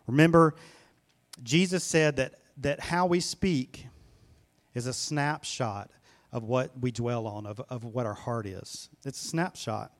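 A man's voice: mid-range voice, unhurried. A pastor preaching a sermon to his church, talking in an earnest, conversational way and often repeating a phrase for weight. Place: church sanctuary.

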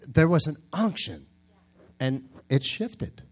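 A man's voice: fairly high pitch, very animated, takes it slowly. A man preaching in a conversational way, telling stories with emphatic bursts.

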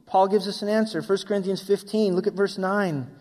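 Pastor guy preaching, high voice, big hall reverb, asks the crowd's questions himself. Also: steady tone, fairly quick, darkish tone. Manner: preaching with questions voiced for the listeners, ends in prayer. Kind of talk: sermon.

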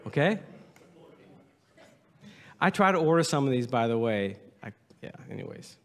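Playful male pastor, lively pitch, long hall reverb. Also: moderate pace. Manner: playful, joking, reads aloud with mock drama. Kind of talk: humorous sermon to a congregation. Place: church sanctuary.

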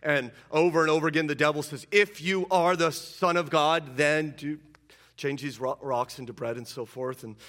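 A man preaching a sermon, moving between loud ringing declarations and low, intense asides. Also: steady tone, moderate pace. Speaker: pastor.

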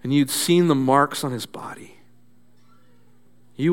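A male pastor delivering a sermon, dramatic, dropping low and soft and then building up again. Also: slow, long pauses. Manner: dramatic preaching with swings from soft to loud.

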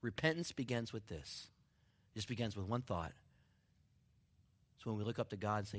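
A man preaching a sermon in a conversational, humorous way, dropping to near-whispers and then rising to excited shouts. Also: lowish voice, moderate pace, long pauses. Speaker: pastor.

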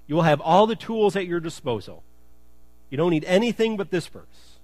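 Man pastor mid-sermon, fairly high voice, dry close sound, casual asides and emphatic refrains. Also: very animated, moderate pace, a little mellow, dry recording. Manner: conversational and joking, then emphatic. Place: church.

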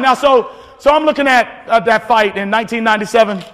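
Preacher man, real high voice, hollering his sermon, church echo and a faint crowd. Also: brisk, few pauses. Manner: energetic, shouting preacher with repetitions and restarts. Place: church sanctuary. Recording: long hall reverb, faint congregation.

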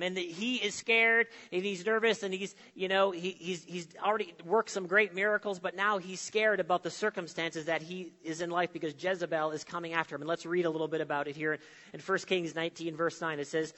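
A male pastor with a high, bright voice preaches with emphatic phrasing and dramatic pauses. He swings between loud declarations and hushed lines. His voice rings out in a hall with a long, echoing reverb. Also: fairly even intonation. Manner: emphatic, with dramatic pauses and sudden drops to soft. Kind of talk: sermon.

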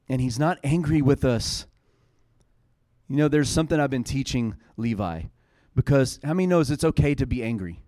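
A man's voice: mid-range voice, lively intonation, normal speed, dark tone, dry recording, clean studio sound. A man in his thirties preaching a sermon, earnest and conversational, building to fervent passages. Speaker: pastor.

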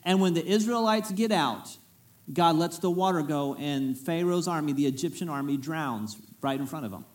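In a conversational sermon, a pastor tells stories in a casual, folksy, lively way at a moderate pace. His voice is high for a man, and he keeps tossing joking asides to the congregation.

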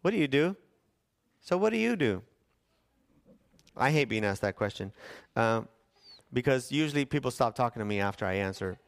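A man's voice: medium pitch, animated, normal speed, vocal fry, pauses often. A middle-aged man, a pastor, preaching a sermon in a conversational storytelling way with acted-out quotes.

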